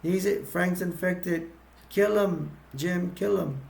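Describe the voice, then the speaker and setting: A man's voice: fairly high pitch, steady tone, quick pace, gravelly. A man quoting a tough young woman survivor, his voice raised and urgent.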